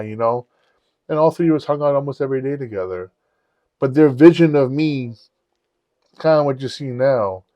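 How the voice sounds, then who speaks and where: Over a dull, dry, lo-fi recording lacking room sound, a mid-range male podcast host animatedly recounts profane anecdotes. He acts out the dialogue in a casual conversational style.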